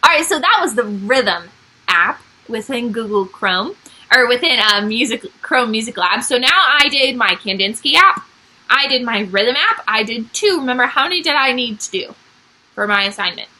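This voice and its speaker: A high, bright woman's voice with a slightly husky edge, rising and falling a lot as she talks. She is a music teacher walking young children through a recorded online lesson. Her tone is upbeat and she explains each step. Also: lively intonation, normal speed, poor audio.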